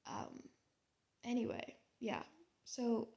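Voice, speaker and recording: A young woman from the United States, an artist and vlogger, rambles to the camera in a casual reflective monologue, slowly and animatedly. Her slightly high voice carries heavy creaky vocal fry, and she thinks aloud with many fillers, trailing off and restarting often.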